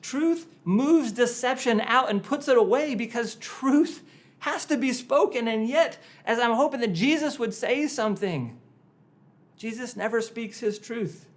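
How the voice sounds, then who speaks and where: A pastor dramatizes a story in his sermon, moving between loud, forceful moments and quiet, hushed ones, and at times repeating words to press his point. He speaks with an extremely high pitch at a slightly slow pace.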